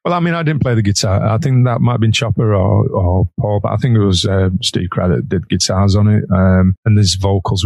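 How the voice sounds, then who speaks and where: A man's voice: lowish voice, a little mellow, breathy edge, no echo. A man with a Manchester accent, a musician guest telling anecdotes in a chatty way and laughing between sentences. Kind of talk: anecdotal storytelling.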